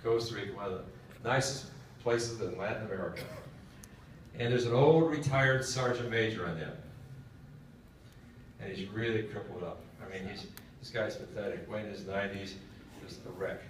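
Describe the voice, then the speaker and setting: A man's voice: on the low side, normal speed, long pauses, a little hiss or hum. Folksy man telling a joke in a hall. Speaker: speaker at a military education session. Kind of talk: storytelling lecture. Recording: echoey hall from far off.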